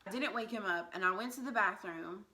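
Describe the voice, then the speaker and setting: A young woman with a bright, clear voice tells a personal story straight to her viewers. She talks candidly and conversationally, dropping plenty of "like" and "um" as she goes. Her pitch sits in an ordinary middle range. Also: a little fast. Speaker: vlogger.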